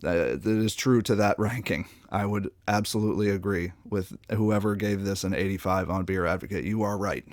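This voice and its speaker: A man hosting a casual beer tasting review, chatting in a playful way and pausing between tasting notes. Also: sits low, steady tone, no room sound, clean studio sound. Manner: playful, chatty, trailing pauses while tasting.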